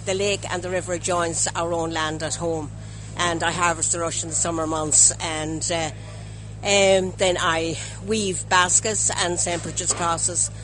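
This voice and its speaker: Hesitant bright-voiced Irish woman. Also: lowish voice, fairly even intonation, measured pace, a little hiss or hum, low-quality recording. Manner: hesitant, many fillers. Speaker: basket weaver, craft business owner.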